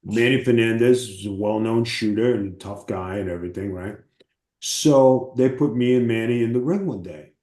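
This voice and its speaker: A man with a low, dark voice tells his stories in an animated, salty way, often putting on the voices of the people in them. The sound is roomy and echoey. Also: moderate pace. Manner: animated, profane storytelling with acted quotes. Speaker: interview guest, former wrestler. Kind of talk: casual storytelling.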